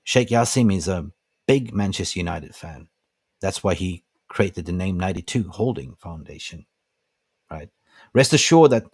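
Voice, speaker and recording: An older man with a lowish voice hosts his own fan livestream, ranting with fired-up conviction and rallying his viewers like family. The sound is dry and close, with no room around it. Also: a little mellow, husky, no room sound. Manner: impassioned, preachy, rallying. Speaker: fan channel host. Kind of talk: passionate livestream rant.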